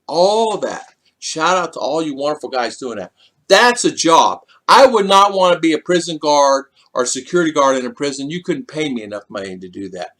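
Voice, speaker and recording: Chatty middle-aged man with lively pitch. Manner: rambling and repetitive, with many restarts. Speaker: livestream host reading viewer comments. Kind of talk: casual livestream chat.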